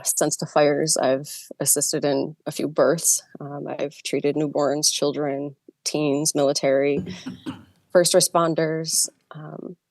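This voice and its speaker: A middle-aged nurse giving emotional, halting testimony by video call from her car. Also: sits low, a little mellow, no echo. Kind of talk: personal testimony.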